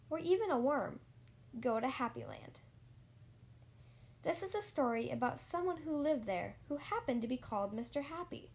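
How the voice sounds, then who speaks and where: Woman slowly reading a children's story. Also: sits high. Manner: slow and deliberate, lingering on repeated phrases.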